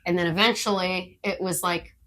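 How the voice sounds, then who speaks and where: A woman with a lowish, slightly bright voice co-hosts a podcast, speaking at a moderate pace with fairly even intonation. She's a disc dog trainer who chats casually and tells training stories, laughing often and acting out her dog's thoughts in quotes.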